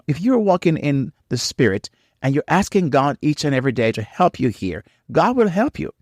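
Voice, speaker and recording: A man's voice: medium pitch, darkish tone, no room sound. Earnest guy doing faith-based marriage teaching, lots of um and you know, preachy rises, dead dry close mic. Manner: earnest, repetitive phrasing with frequent um and you know. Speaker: podcast co-host on marriage.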